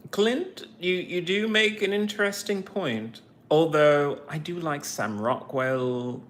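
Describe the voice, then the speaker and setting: A man's voice: fairly high pitch, lively intonation, slow pace, fairly bright tone. A man with an English accent, born in the United States, chatting casually with his viewers and teasing them with sarcastic asides. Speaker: streamer talking to his viewers. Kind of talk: casual chat, replying to viewers.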